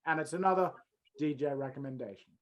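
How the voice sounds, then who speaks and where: Higher-voiced man recapping casually. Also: fast. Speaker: podcast co-host. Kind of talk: casual wrestling review chat.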